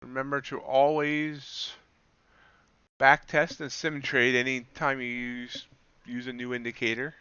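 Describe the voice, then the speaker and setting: A man talking through his trades on a live stream, his voice bright and smooth. He chats in a relaxed way, thinking aloud and answering viewers. The sound is dry and a little dull, close to the mic. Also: medium pitch, a little slow, no echo. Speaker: livestreaming futures trader. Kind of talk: casual live-stream commentary.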